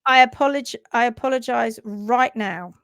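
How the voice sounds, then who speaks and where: Woman, stream host, high and bright, dry close sound, chatty and excitable. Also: moderate pace, smooth, dry recording. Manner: chatty, excitable, greets viewers by name. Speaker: livestream host. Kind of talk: casual live-stream chat.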